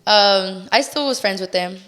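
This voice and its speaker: A woman's voice: mid-range voice, moderate pace, a bit bright. A young adult woman, a podcast guest, telling a personal story in a chatty way with many "like" fillers, acting out what people said. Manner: chatty, lots of "like" fillers, acts out quoted lines. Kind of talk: casual storytelling interview.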